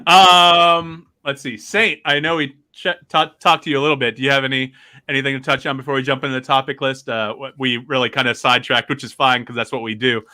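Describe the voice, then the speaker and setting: A man's voice: mid-range voice, little pitch movement, fairly quick, bright, forceful tone, no room sound, clean studio sound. A man hosting a casual podcast chat, rambling and laughing often as he talks. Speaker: podcast host.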